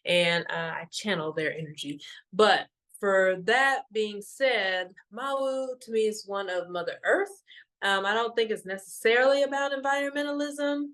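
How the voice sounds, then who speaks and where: A young woman talks casually as a spiritual teacher, her voice at a medium pitch. She speaks loosely and with feeling, filling her sentences with ums and likes. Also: moderate pace, a bit bright. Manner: emotional, loose, many fillers. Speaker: meditation teacher and card reader.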